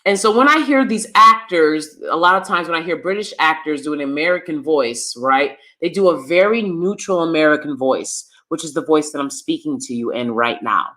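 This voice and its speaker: A woman's voice: sits low, lively intonation, normal speed, few pauses, sharp tone. A woman hosting a live review, an acting teacher who talks to her viewers casually, often repeating words and checking in with "right?".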